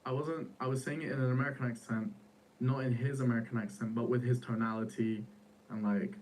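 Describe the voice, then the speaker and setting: A man's voice: medium pitch, fairly even intonation, brisk, a little mellow, recorded from a distance, a little hiss or hum, rough recording. Slangy young man, a bit off-mic. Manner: casual, slangy, says "bro" and "like" a lot. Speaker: founder of an AI startup. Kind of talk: casual podcast interview.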